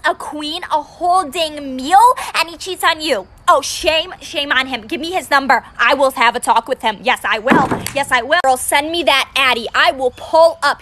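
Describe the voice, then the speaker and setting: A woman plays a gushing, slangy nail technician who takes her client's side with loud outrage. The voice is high and bright. It is played for comedy. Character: gossipy loyal female nail technician. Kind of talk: comedy sketch acting.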